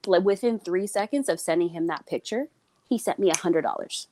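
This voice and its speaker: A woman telling a story in a relaxed podcast chat, her pitch swinging widely. She acts out what everyone said in the story. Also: fairly quick, slight background noise. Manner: animated, acts out quoted voices. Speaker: guest.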